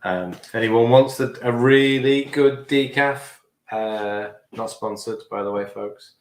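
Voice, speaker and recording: A man's voice: medium pitch, measured pace. Male host, casual and rambling, for a live kitchen stream with a room echo. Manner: rambling, self-correcting, chatty. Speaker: host of a cooking livestream. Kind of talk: casual live cooking chat. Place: home kitchen.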